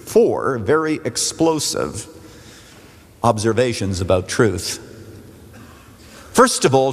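A man's voice: fairly high pitch, very animated, moderate pace. A man preaching a sermon as a pastor, speaking emphatically and asking rhetorical questions in a church sanctuary. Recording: long hall reverb.

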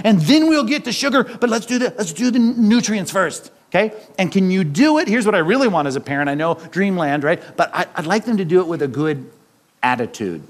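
A man with a very high voice preaches a sermon in a relaxed, conversational manner. He keeps engaging the congregation with brief rhetorical questions and lets out small chuckles as he goes.

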